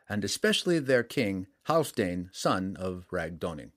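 A man reading a saga aloud in steady, measured scripted narration. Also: sits low.

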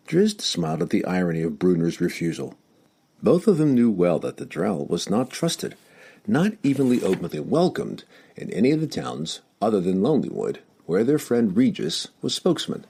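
A man narrating a fantasy audiobook with an expressive storytelling delivery. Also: lowish voice, moderate pace, gravelly, breathy edge.

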